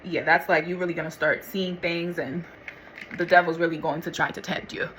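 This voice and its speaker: A woman telling her personal faith testimony in a casual, animated way, calling listeners honey and y'all and acting out what others said. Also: on the low side, brisk, slight background noise, rough recording. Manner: animated, acts out voices of others and God. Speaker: vlogger sharing faith testimony.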